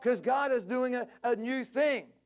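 A man preaching a passionate sermon at a church service, climbing to near-shouts. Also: very high-pitched, a little slow. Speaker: pastor.

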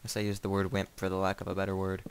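Young male gamer, slightly low voice, rambling joking commentary, startles easily. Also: monotone, rapid-fire, creaky, clear, resonant tone. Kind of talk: casual let's play commentary.

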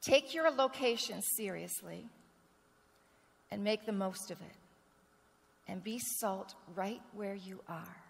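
A woman pastor delivers a sermon in a church sanctuary, her voice carrying a long, echoing reverb. She preaches with earnest storytelling at a medium pitch and stops now and then to clear a rough throat. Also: slow pace, pauses often. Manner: earnest storytelling, acts out quoted dialogue.

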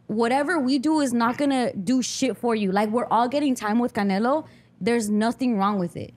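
A young woman on a podcast tells a story in a fairly high voice and keeps slipping into the voices of the people in it. She talks in loose, casual chat with plenty of filler words. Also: moderate pace. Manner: animated storytelling, acts out quoted people. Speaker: podcast host.

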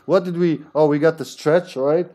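A man's voice: on the high side, a little mellow. Joking male streamer over faint music. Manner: joking, laughs often, reads chat aloud. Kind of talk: casual live gameplay chat.

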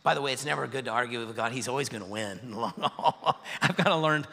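A male pastor preaching a sermon in a church, animated and acting out the voices of the people he describes. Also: medium pitch, fast, gravelly, in a large hall. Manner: animated, acts out voices and quotes. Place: large church sanctuary.

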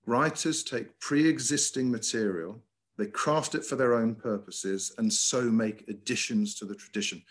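A middle-aged man, a headmaster giving a lively, emphatic lecture over a video call, with frequent ums and uhs. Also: medium pitch, measured pace. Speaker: school headmaster giving a talk. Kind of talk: lecture with slides.

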